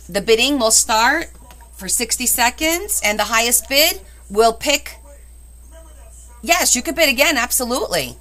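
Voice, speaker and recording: Cheery woman running a live craft auction on her phone, crisp bright voice, calls out bids and laughs a lot. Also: a little high. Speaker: host selling scrapbooks in a live auction. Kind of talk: chatty livestream auction.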